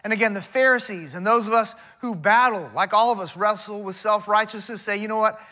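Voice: medium pitch, a little fast, bright, forceful tone. A pastor preaching a sermon in a folksy, conversational way, talking straight to the congregation with emphatic repetition and rhetorical questions.

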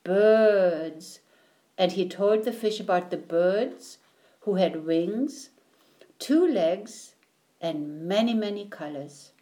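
A woman reading a children's picture book aloud in a gentle, deliberate storytelling manner. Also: mid-range voice, expressive.

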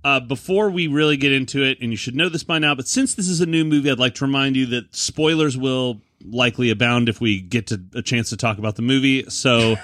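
A man's voice: medium pitch, brisk, hardly any pauses, a bit bright, no echo, studio quality. A man co-hosting a podcast in casual chat, joking playfully and laughing often. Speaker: podcast co-host.

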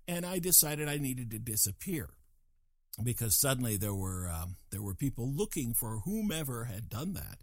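An older man from Colorado, USA, tells a rambling, self-deprecating anecdote in a casual way, acting out the voices of the people in it. His mid-range voice has a sing-song lilt at a normal speed, and the studio recording is clean with no echo.

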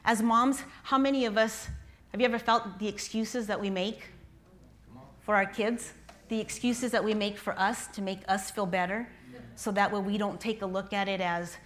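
A middle-aged pastor's wife gives a conversational sermon to mothers in a medium-pitched, slightly bright voice at a moderate pace. She tells a personal story and asks her listeners questions.

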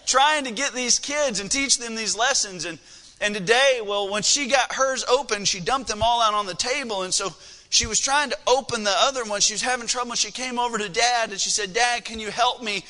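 A man's voice: very high-pitched, brisk, pushed and bright. A man preaching a sermon in a church, telling a family story in a conversational way with fillers. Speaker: pastor. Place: church sanctuary. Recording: long reverb of a large hall.

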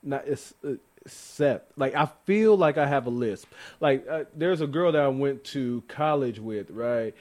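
Young male sports co-host, animated and laughing, mid-pitched, casual chat. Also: unhurried. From Sacramento. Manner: animated, laughing, restarts often. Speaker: podcast co-host.

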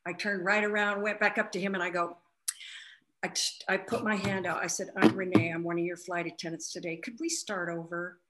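Bright-voiced woman telling a story. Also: lowish voice, a little fast, slight background noise. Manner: animated retelling, acts out quotes. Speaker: flight attendant, guest. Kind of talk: casual spiritual conversation, storytelling.

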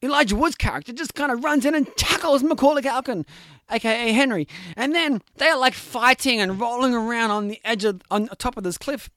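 Young man, high voice, dry close sound, casual rambling film recap, lots of fillers. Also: fairly quick, no echo. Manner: rambling, animated retelling with many "like" and "you know". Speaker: podcast talker recapping films. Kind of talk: casual chat.

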